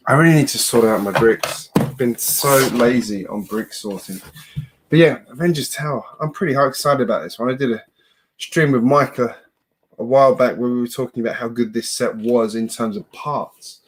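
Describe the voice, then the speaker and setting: A man's voice: mid-range voice, noisy background. A man hosting a casual live stream from home, chatting in a rambling way with self-deprecating asides, picked up by a computer mic. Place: home build room at a computer.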